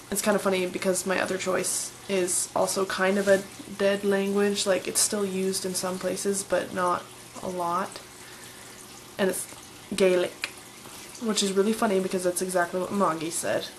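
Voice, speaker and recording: A woman's voice: medium pitch, a little hiss or hum, low-quality recording. A young woman in her twenties, chatting casually and enthusiastically as she answers questions in a vlog. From Colorado, USA. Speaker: vlogger.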